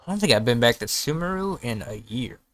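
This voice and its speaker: A man's voice: medium pitch, animated, a little fast, slight background noise. Man joking through casual gameplay commentary. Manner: joking, talking to himself while playing. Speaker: streamer.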